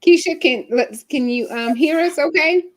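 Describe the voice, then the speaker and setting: A woman's voice: high-pitched, moderate pace. Earnest woman hosting a video chat. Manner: earnest, encouraging, speaks of her own life. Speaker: host. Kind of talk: casual group video chat. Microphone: video call.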